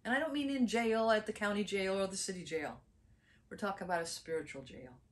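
A woman preaching a sermon, telling a parable in a lively storytelling way. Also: mid-range voice, a little fast. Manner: animated storytelling, acts out characters.

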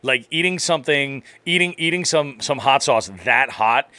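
An animated man co-hosting a casual podcast, telling stories with obvious amusement. His voice is bright and forward, and the recording is close and dry with no room sound. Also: medium pitch, normal speed, no echo. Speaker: podcast co-host.

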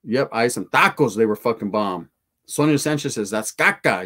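A man's voice: medium pitch, expressive, moderate pace, a bit bright. A man telling a profane, slangy street story to his live chat.

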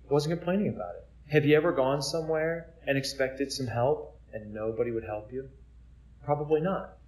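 This friar's medium-pitched voice has a darkish tone. His informal, conversational Catholic preaching is full of rhetorical questions, with repeated words each time he restarts.

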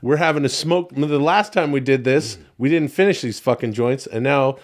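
A middle-aged man co-hosting a podcast in casual chat, swearing a lot, getting excited and stumbling over his words. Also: medium pitch, moderate pace. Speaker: podcast co-host.

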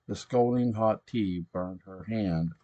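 A man reading a story aloud, unhurried, stopping now and then to correct his own slips. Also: on the low side, mellow, lo-fi sound.

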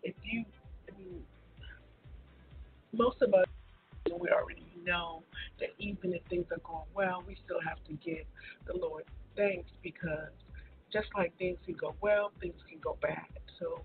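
Raspy-voiced woman hosting morning radio. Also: on the low side, measured pace, soft background music. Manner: chatty, laughs easily, many fillers. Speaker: radio show host. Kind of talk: casual morning radio chat. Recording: phone-line internet radio.

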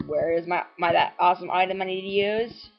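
A woman's voice: on the low side, brisk, gravelly, highs cut off. A woman giving rambling, casual commentary while playing a video game and talking back at it. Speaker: let's play host.

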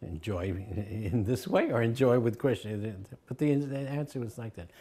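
Older man, anecdotal storytelling, mid-pitched voice, acts out quotes, chuckles. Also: normal speed, dark tone. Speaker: disciple recalling his teacher.

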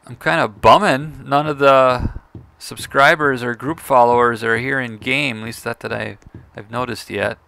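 A man giving casual gameplay commentary, playful and excitable, teasing other players and chatting to his viewers. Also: medium pitch, moderate pace, creaky, clean tone. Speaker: gaming video creator.

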